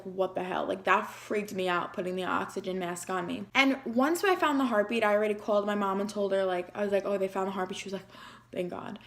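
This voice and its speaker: A young woman vlogger emotionally retelling a personal story in a chatty way, with lots of "like". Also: medium pitch. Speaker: beauty vlogger.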